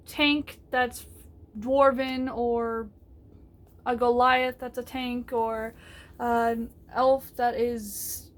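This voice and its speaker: A woman's voice: a little high, little pitch movement, very slow. A woman giving casual, rambling advice on a tabletop game, with many fillers and restarts, laughing often.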